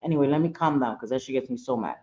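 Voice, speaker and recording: A woman's voice: extremely low pitch, very fast, dark tone. A woman on a live stream talking bluntly and heatedly to her chat, often swearing as she comments. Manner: talks straight to viewers and chat. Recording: dull lo-fi stream audio.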